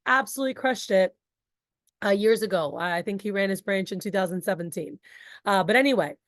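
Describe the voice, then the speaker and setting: A woman coaches a group of sales reps. She is talkative and animated, with casual asides. Her voice sits at a middle pitch and sounds close and dry, with no room echo. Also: a little fast. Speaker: sales trainer. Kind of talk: energetic group training talk.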